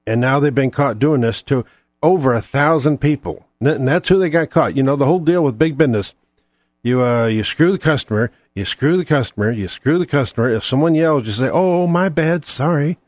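A man's voice: medium pitch, fairly quick, a little mellow, no echo. A man hosting his own show alone, ranting in a profane, sarcastic, rambling way. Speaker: podcast host. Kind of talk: ranting solo monologue.

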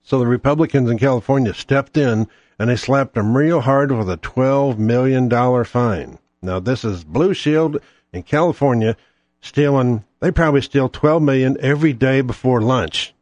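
A man's voice: medium pitch, moderate pace, darkish tone, no echo, highs cut off. A man hosting his own show alone, ranting in a profane, sarcastic, rambling way. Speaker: podcast host. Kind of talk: ranting solo monologue.

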